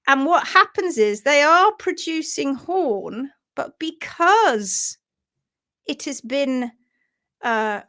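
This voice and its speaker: A woman teaching hoof care on a live stream, animated and chatty. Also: on the high side. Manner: animated, acts out little voices for hoof parts.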